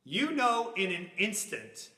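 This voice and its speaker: A man teaching a Bible class, animated and acting out little scenes in funny voices as he explains. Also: sits high, slow, echoey room.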